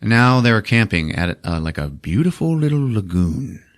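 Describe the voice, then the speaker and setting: Animated man retelling a movie. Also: fairly low pitch, moderate pace. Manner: animated storyteller, laughing, swearing. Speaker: podcast host. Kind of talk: casual comedic movie recap.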